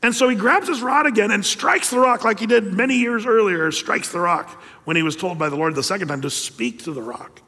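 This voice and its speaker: A male pastor preaching a sermon, telling the story with lively energy and rhetorical questions. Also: sits high, a little fast, hardly any pauses, big-room sound.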